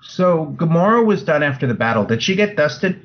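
A man's voice: a little high, lively intonation, moderate pace. A young man in casual chat as a podcast co-host, steering the talk with matter-of-fact remarks. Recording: dull lo-fi sound.

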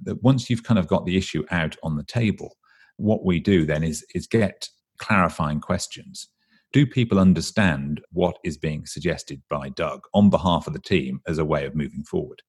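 A man with an English accent, a guest expert in an interview, explaining a process briskly and acting out what people say. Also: low-pitched, darkish tone, husky. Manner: brisk, explanatory, acts out quoted voices.

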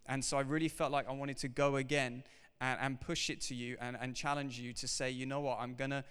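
Youngish guy preaching, fired up and emphatic, smooth ringing voice, big echoey church hall. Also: medium pitch, fairly quick. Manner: animated, emphatic, talks directly to the congregation. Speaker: pastor. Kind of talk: sermon. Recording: reverberant hall.

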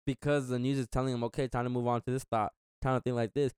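A young man rambles through a story in a casual chat, slipping in slang and acting out each back-and-forth. His voice sounds smooth and clear at a middle pitch. The sound is close and dry. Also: steady tone, brisk, no room sound. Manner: rambling, slangy, acts out quotes.

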